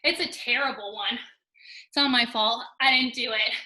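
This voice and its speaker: Female fitness instructor, high and very bright, upbeat countdowns, a bit winded, echoey room. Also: normal speed. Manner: upbeat coaching, counting down reps, joking asides. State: out of breath. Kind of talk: live online workout class instruction. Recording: roomy echo.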